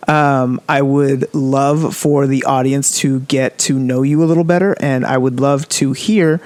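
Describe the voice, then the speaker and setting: A man's voice: medium pitch, fairly even intonation, measured pace, darkish tone, dry recording. A man hosting a podcast in a casual interview chat, enthusiastic and rambling. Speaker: podcast host.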